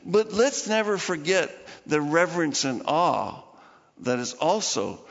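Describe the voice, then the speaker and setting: A pastor preaches a chatty, informal sermon, laughing in asides to his congregation. His slightly high voice is sing-song with vocal fry and a somewhat slow pace. The recording is muffled, with long hall reverb.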